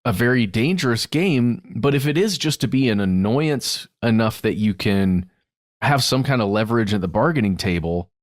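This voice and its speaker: A man's voice: mid-range voice, expressive, moderate pace, dry recording, clean studio sound. A man co-hosting a podcast, thinking aloud in a hesitant, casual way. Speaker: podcast co-host.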